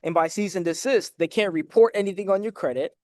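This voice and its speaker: A man's voice: high voice, fairly quick, darkish tone, no room sound, studio quality. Emphatic man explaining debt documents. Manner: direct, emphatic, addresses viewers as guys with frequent "right?". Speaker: credit and debt educator. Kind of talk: casual explanatory talk over documents.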